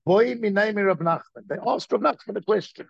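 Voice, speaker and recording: A man giving a Torah class as its teacher, in an animated, questioning way full of rhetorical questions. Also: high-pitched, a little fast, gravelly, husky, no room sound, dull audio.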